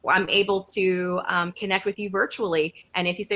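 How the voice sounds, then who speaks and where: A woman's voice: lowish voice, fairly even intonation, fairly quick, fairly bright tone. A woman photographer joining as a guest, speaking in an upbeat, encouraging way. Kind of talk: casual interview chat.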